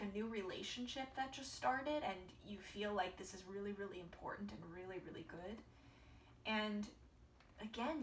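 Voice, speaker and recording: A woman giving an earnest, encouraging tarot reading to her viewers, often dropping into soft half-whispered asides. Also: mid-range voice. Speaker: tarot reader. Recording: roomy, distant mic with faint background hiss.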